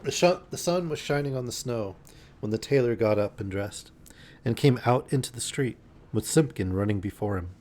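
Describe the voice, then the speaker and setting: A man reading a storybook aloud in a gentle, unhurried bedtime manner on a live stream. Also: medium pitch, animated.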